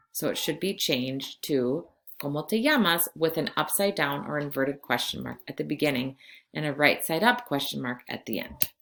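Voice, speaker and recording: A woman in her forties with a low voice, teaching a class. She gives slow, clear instructions and moves easily between two languages. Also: fairly bright tone. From California. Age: 40s. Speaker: Spanish teacher. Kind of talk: recorded class lesson.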